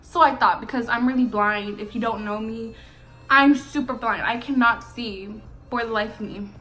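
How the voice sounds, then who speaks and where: A teenage girl telling a story in a relaxed chat with her best friend, slangy and laid-back, with murmured asides. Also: a little high, normal speed, rough recording.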